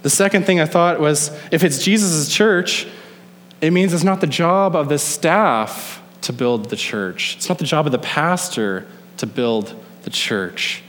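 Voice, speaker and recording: A young man preaching a sermon as a pastor, in a conversational style that slows down to stretch key words. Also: fairly high pitch, fairly bright tone. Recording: long hall reverb.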